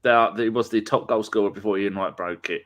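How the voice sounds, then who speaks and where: A man's voice: lowish voice, steady tone, fast, a bit bright. A man hosting a live podcast in casual, rambling chat, joking and using lots of fillers. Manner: chatty, rambling, jokey, with many fillers. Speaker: podcast host.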